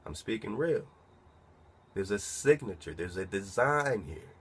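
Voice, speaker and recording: A man with a low, husky voice reads a legal-sounding document slowly, then breaks off to comment on it. He talks casually and keeps asking rhetorical questions. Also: sing-song. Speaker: commentator reading a document aloud.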